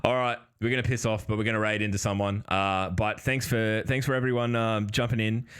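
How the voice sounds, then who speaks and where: A man's voice: on the low side, steady tone, a little fast, a bit bright, clean tone. An Australian man hosting a podcast in casual chat, sweary and rambling, laughing often. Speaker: podcast host.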